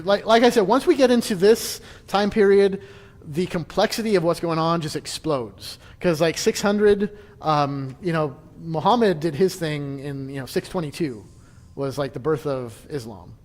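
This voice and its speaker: A man's voice: fairly high pitch, long reverb tail. A man casually leading a church history class, chatty and joking, with frequent restarts.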